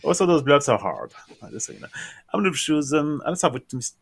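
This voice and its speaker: A man playing a streamed game, talking haltingly and restarting often. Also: a little high, sing-song, gravelly, breathy edge. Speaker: game player. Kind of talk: casual chat during a game.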